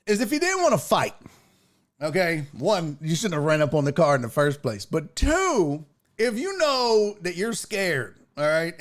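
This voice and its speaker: A man with a high, very lively voice riffs through a reaction segment. He swears freely and jumps into squeaky impressions of the people he's talking about. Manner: animated, profane, mimics people in high voices. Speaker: show host. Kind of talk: casual reaction commentary.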